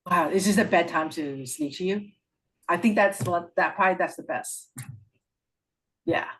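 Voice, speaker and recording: A woman's voice: on the low side, normal speed, fairly bright tone, poor audio. A woman real estate agent in a training workshop, talking hesitantly and laughing easily. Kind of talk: workshop role-play and chat.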